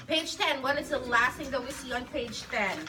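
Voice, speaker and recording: Woman teacher, high-pitched, patient prompting, slow, distant mic. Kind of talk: guided reading lesson with young children. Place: school classroom. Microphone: recording device set at a distance. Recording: distant mic in a noisy classroom.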